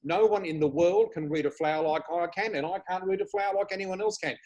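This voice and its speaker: An Australian man guesting on a video podcast, talking with lively, excitable enthusiasm about spiritual matters. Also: sits high, fast, lo-fi sound. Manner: enthusiastic, excitable, laughs often. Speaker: flower reader guest. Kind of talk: casual spiritual chat.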